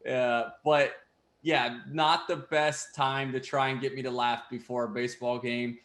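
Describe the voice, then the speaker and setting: A man's voice: medium pitch, little pitch movement, measured pace, fairly bright tone. A young man, a pro baseball player, chatting casually as a guest with frequent laughs and fillers. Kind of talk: casual interview chat. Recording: echoey room.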